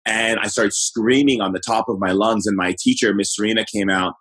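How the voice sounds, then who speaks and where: A middle-aged man and shaman guest, recounting his childhood in a relaxed, searching way with many fillers and restarts. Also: fairly low pitch, brisk, slightly rough, rough recording. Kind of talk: personal storytelling in an interview.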